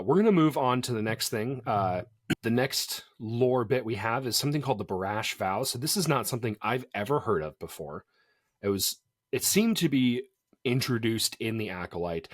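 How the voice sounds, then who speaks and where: A man co-hosting a casual podcast, chatty and animated, laughing often. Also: on the low side, no echo, clean studio sound. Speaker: podcast co-host.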